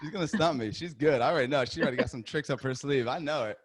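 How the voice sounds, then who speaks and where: A man's voice: mid-range voice, no echo. A man on a video call coaching real estate agents and role-playing a sales call, upbeat and conversational. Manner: upbeat, conversational, rapid restarts.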